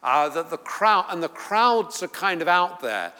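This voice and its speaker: A middle-aged male preacher teaches slowly and deliberately, pausing on fillers and restarting his thoughts. His voice is bright and clear, lifting with emphasis whenever he quotes scripture. The sound carries a long reverb from a large hall. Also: high-pitched, big pitch swings. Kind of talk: sermon teaching.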